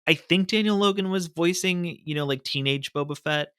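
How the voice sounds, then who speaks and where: Eager man with a bright, crisp voice. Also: fairly high pitch, fairly quick, dry recording, clean studio sound. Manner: eager, detail-focused, swears casually. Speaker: podcast co-host. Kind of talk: casual chat.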